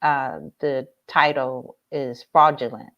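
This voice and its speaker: A woman in real estate calmly explaining what happened in a matter-of-fact way. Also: very deep voice, slow pace, muffled recording. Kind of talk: casual explanation.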